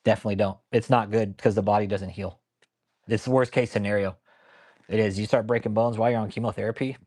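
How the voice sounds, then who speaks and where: A channel host with a fairly low, fairly even and slightly mellow voice talks fast on a casual commentary stream. He's blunt, profane and rambling, answering viewers by name.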